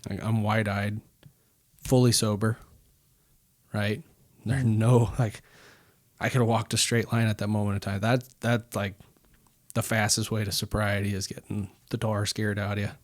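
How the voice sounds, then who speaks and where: A man's voice: on the low side, no echo, clean studio sound. A man in his thirties, a podcast guest, telling a personal story in a rambling way with many fillers. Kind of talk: casual storytelling.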